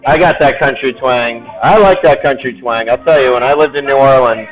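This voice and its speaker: A man's voice: mid-range voice, brisk, faint music behind. A man chatting casually while he paints live, joking around and laughing often. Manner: jokey, laughs often, playful banter. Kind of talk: casual chat. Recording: dull, muffled stream audio.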